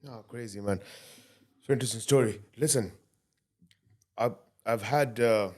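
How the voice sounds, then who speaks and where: A man hosting a casual podcast interview, soft-spoken, often trailing off and restarting his questions. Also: medium pitch, moderate pace. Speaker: podcast host.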